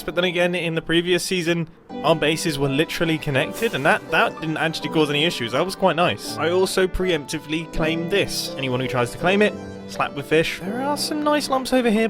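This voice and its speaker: Chatty man narrating gameplay. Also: sits high. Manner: chatty, playful and rambling. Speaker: gaming video creator. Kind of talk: casual game commentary voice-over.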